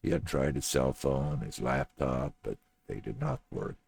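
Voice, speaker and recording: A man reading a story aloud in a plain, steady audiobook narration, with a gravelly voice. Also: extremely low pitch, a little slow, a little hiss or hum.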